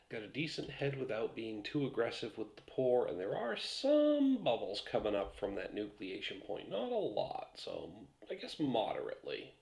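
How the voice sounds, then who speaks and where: A man's voice: mid-range voice, vocal fry. A man rambling casually through a beer review vlog, a few beers in and swearing now and then.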